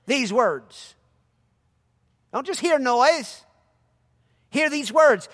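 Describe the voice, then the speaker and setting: A man preaching a sermon with emphasis, shouting some scripture lines and dropping to quiet, mocking asides. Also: very high voice, expressive, takes it slowly, long pauses, long reverb tail.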